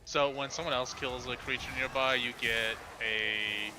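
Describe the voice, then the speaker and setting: A man's voice: medium pitch, steady tone, unhurried, sharp tone. A man co-hosting a gaming podcast, explaining things at length with dry humor while playing. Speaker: podcast co-host playing a video game. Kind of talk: casual gaming chat. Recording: noisy background.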